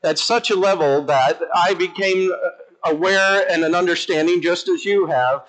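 A male Episcopal priest preaching in church with a lively, emphatic delivery, his voice sitting a little higher than most men's. He swings between quiet asides and animated bursts. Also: measured pace, poor audio. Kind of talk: sermon.

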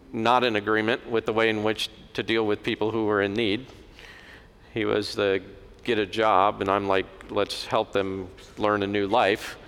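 A man's voice: mid-range voice, fairly bright tone, smooth. A man preaching a sermon in a conversational, storytelling manner. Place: church. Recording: long hall reverb.

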